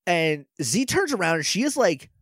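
A man co-hosts a podcast, chatting casually as he recaps an episode. His pitch swings widely while he acts out the characters' lines in playful voices, and the recording sounds close and dry. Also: big pitch swings, moderate pace, a bit bright, husky, no echo. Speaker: podcast co-host. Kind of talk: casual chat recapping a show.

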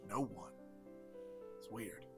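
A man voicing a wary male innkeeper who talks in hushed, hesitant warnings. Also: fairly low pitch, slow pace, over music, voice pushed down. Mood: uneasy.

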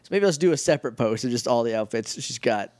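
A man's voice: medium pitch, expressive, quick pace, a little mellow, no echo. A man co-hosting a podcast, chatting casually and rambling through an episode recap. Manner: rambling, self-interrupting, quoting characters in a lazy offhand voice. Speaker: podcast co-host.

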